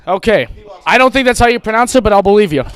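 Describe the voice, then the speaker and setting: A man's voice: high voice, animated, fast talker. A man hosting a live fantasy football draft, teasing the participants with playful banter on a wired mic. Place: large indoor hall with crowd. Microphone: wired handheld mic. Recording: echoey hall with loud crowd.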